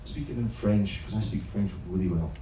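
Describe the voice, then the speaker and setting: A fairly low, dark voice at a moderate pace belongs to a teacher trainer regaling an audience with a comic story, chatty, self-mocking and full of swearing. The recording has a little hiss or hum, and since he's far from the mic in a large hall at an evening event, it's very echoey.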